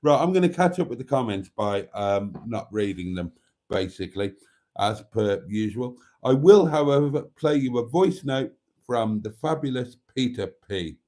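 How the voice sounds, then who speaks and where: A man's voice: mid-range voice, animated, moderate pace, darkish tone. A middle-aged man hosting a late-night livestream, cheeky and chatty with frequent laughs, tired. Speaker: livestream host. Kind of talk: casual chat reading comments.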